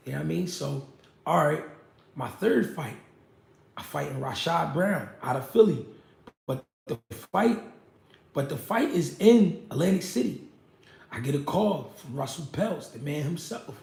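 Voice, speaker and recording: A young man, a former pro boxer, telling his story in a casual, animated, profane way. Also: on the high side, normal speed, gravelly, pauses often. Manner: animated, profane street talk with many "you know what I mean". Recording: echoey room.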